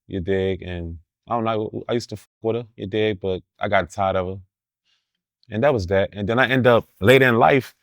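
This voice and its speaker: A man's voice: sits low, dry recording, clean studio sound. A man telling stories as an interview guest, blunt and profane in street slang, laughing as he talks. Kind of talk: casual storytelling in an interview.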